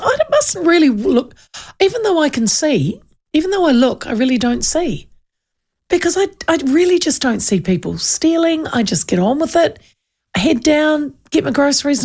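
A middle-aged woman with a New Zealand accent, hosting a radio talk show in casual chat, reading out listener texts and telling animated stories with asides. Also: sits high. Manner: chatty, animated storyteller with asides.

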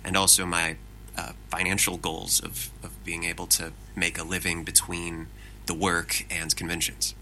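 Bright-voiced male voice actor. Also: low-pitched, normal speed, a little hiss or hum, low-quality recording. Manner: chatty, self-deprecating, animated storyteller. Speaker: interview guest. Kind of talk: casual interview talk.

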